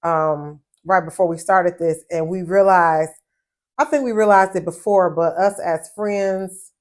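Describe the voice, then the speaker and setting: A woman co-hosting a podcast in casual chat, animated and often repeating words as she starts a thought. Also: on the low side, unhurried. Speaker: podcast co-host.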